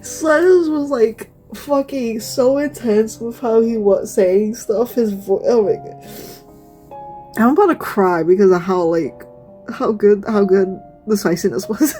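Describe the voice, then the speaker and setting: A young woman streamer giving an excited, gushing reaction, swearing and stumbling over her words. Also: medium pitch, measured pace, soft background music. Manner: gushing, swearing, frequent laughs.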